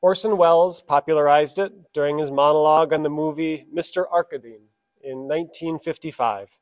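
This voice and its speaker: A man's voice: fairly high pitch, a little fast. A man preaching a sermon as pastor, telling fables and leading prayer reverently. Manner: storytelling, then reverent prayer.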